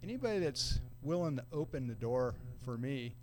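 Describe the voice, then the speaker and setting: A middle-aged man telling a long story in a relaxed, casual way, using surfer slang and acting out other people's quoted lines. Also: mid-range voice, moderate pace, slight background noise. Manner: laid-back surfer talk, acts out quoted voices. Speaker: podcast guest.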